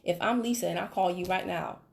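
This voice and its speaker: A woman coaching a team member on a call, talking in an animated way, laughing and acting out quotes. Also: on the low side, brisk, vocal fry, slight background noise. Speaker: business coach.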